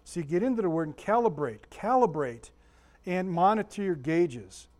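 A man's voice: high-pitched, animated, normal speed, a little mellow. A man giving a casual, folksy Bible lesson, often asking his listeners questions and telling stories. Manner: folksy, chatty, asks the room questions. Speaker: Sunday school teacher.

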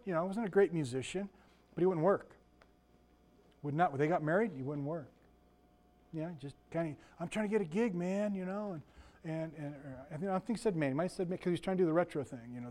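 A man's voice: fairly high pitch, a little mellow. An older man giving an informal sermon as a pastor, rambling and digressive with frequent restarts and asides.

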